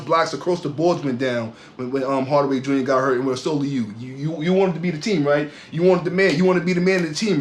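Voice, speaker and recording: A man's voice: a little high, echoey room, a little hiss or hum. Man ranting heatedly about sports. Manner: heated, ranting, repeats words. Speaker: podcast co-host. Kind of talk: casual sports talk.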